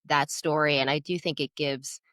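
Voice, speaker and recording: A woman's voice: low-pitched, fairly even intonation, moderate pace, a bit bright, no echo, clean studio sound. A woman hosting a podcast interview, speaking in an affirming, reflective way. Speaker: podcast host.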